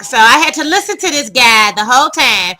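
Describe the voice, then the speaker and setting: A woman vlogger telling a dating story to her viewers in casual, animated storytelling, dramatic and laughing as she goes. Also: high voice, a little fast, soft background music, low-quality recording.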